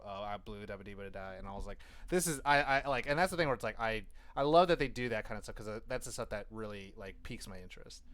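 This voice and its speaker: A man's voice: lowish voice, fairly bright tone, smooth. A man hosting a casual podcast, upbeat and easygoing as he keeps the show moving. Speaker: podcast host. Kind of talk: casual chat.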